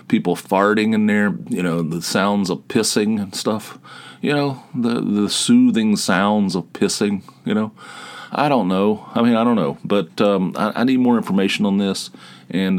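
A middle-aged man with a fairly low voice hosts his own podcast alone and rambles from one tangent to the next. He keeps restarting his sentences and repeating words. He pokes fun at himself while he talks. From northeastern Pennsylvania. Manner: digressive, self-deprecating, repeats words and restarts. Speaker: podcast host. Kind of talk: rambling solo podcast monologue.

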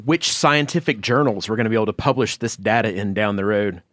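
A man's voice: on the low side, fast talker, fairly bright tone. A man trading dry, wry jokes in a casual podcast chat.

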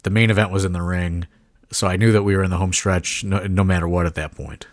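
A man's voice: deep voice, fairly even intonation, fast, dry recording, clean studio sound. A man, a wrestling promoter, telling a story on a podcast in a rambling, profane way, full of "like" fillers and laughing as he goes.

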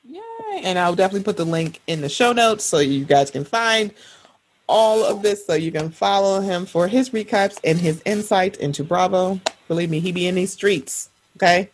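A woman in her thirties hosting a casual podcast, lively and animated, often jumping into high-pitched voices when quoting. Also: moderate pace, slight background noise. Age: 30s. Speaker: podcast host.

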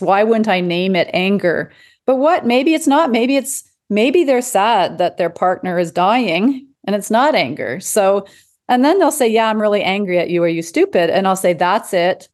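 A woman talks in a relaxed, conversational way about her work as a physician. She tells lively stories, acts out what people said and laughs easily. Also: mid-range voice. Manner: animated storyteller, acts out quotes, laughs often. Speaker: physician guest. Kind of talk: casual conversation.

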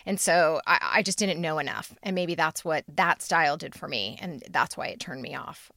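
A woman's voice: sits low, normal speed, gravelly, pushed and bright, no room sound. A woman hosting a writing podcast, talking candidly with frequent restarts and asides, recorded in a university studio. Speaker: podcast host and writing teacher. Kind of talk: casual chat and scripted outro.

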